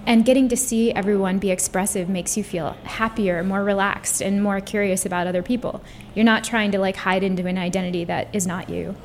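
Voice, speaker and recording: A woman's voice: medium pitch, steady tone, fairly quick, slight background noise. A woman, a guest on a radio show, talking in an earnest, thoughtful way with many fillers. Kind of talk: casual interview.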